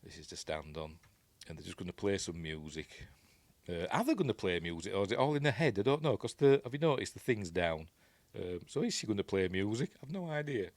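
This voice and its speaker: A man with a Yorkshire accent talks his way through a film scene by scene in a loose, chatty ramble, stopping and restarting often. His voice sits very low. The recording is close and dry, with almost no room sound. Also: big pitch swings, fairly quick, dry recording. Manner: rambling, many fillers and restarts. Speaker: film reviewer. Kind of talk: casual film breakdown.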